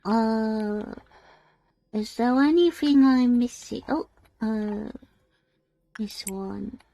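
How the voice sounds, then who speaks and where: British girl streaming a game, kinda high voice, slow rambly chat, lots of giggles. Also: vocal fry, warm tone, slight background noise, low-quality recording. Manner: chatty and giggly, rambling with restarts. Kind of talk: casual live-stream chat while gaming.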